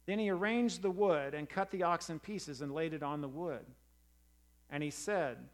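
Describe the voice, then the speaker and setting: A man delivers a sermon, reading passages of scripture and explaining them. His voice sits a little higher than most men's. He reads in a measured, earnest way and slows down on the quoted lines. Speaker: pastor.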